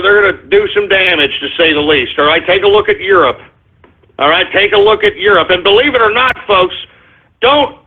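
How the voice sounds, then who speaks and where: A man hosting a talk radio show, ranting in a raised, husky voice. He talks crudely and worked up, tossing out "you know" and "all right?" between jabs. The sound is thin and tinny, like a phone line. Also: sits high. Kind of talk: solo talk radio rant with listener shout-outs.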